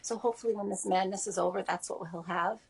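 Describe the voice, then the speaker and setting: A grieving woman in her forties giving a remote interview over a video call, speaking softly and haltingly with many pauses. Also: medium pitch, steady tone, creaky, husky. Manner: halting, soft-spoken, many pauses and fillers. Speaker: interview guest.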